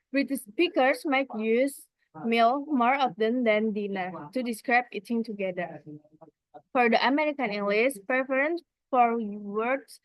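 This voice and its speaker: Slow-reading woman student presenter. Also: fairly high pitch, dry recording, low-quality recording.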